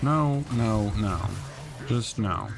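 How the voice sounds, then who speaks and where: Gamer guy, low gravelly voice, irritated running commentary, game music underneath. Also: extremely slow. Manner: exasperated, grumbling at teammates. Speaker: gameplay streamer. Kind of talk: casual gaming commentary.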